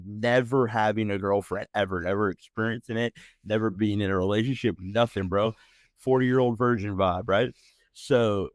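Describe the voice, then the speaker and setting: A podcast host in his thirties with an American accent tells a personal story in a casual, rambling way, heavy on slang and profanity and punctuated by mocking outbursts. His voice is fairly low, and the recording is dry and studio-quality.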